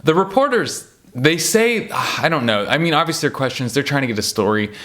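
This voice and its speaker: A man talking casually about basketball at a middle pitch, rambling from one story to the next. He gets animated and worked up, often swinging up high when he gets excited, then dropping low and quiet again. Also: brisk. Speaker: podcast host ranking basketball players. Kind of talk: casual chat.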